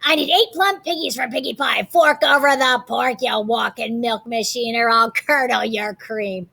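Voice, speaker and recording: A woman's voice: fairly high pitch, moderate pace, creaky, exaggerated voice. A woman voicing a cranky, greedy old witch who screeches insults at farm animals in a storybook reading. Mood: screeching. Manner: screeches, shouts insults, hungry for pork.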